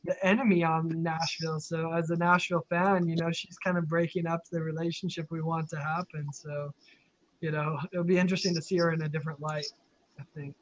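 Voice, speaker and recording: A man's voice: fairly high pitch, little pitch movement, brisk, no room sound, muffled recording. A man hosting a casual live video chat, reading out viewer questions, talking chattily with frequent laughs and fillers. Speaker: live stream host. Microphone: video call.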